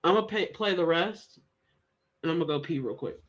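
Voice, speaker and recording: A woman's voice: lowish voice, animated, normal speed, dull audio. A woman streamer giving sassy, teasing casual commentary. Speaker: livestream commentator.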